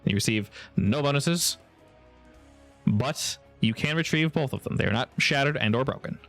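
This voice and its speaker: A man's voice: medium pitch, expressive, a bit bright, faint music behind. A man narrating a tabletop game as game master, playful and helpful with the players. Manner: playful, quick to laugh, helpful.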